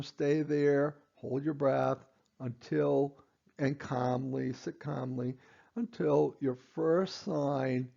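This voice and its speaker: Gravelly-voiced man explaining a test. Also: a little high, warm tone, highs cut off. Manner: repeats and stresses key points, with fillers and restarts. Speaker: clinician teaching patients. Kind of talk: instructional explanation.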